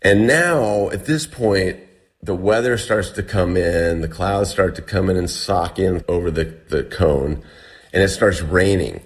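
A man's voice: deep voice, measured pace. A man casually recounting a story as an interview guest, chatty and full of restarts. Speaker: guest telling a survival story.

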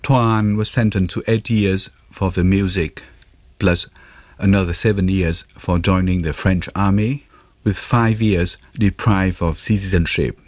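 A man reads a translated voice-over in a measured, plain way. His voice is very low and husky, recorded dry and close. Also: steady tone, darkish tone, dry recording. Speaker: interpreter voice-over.

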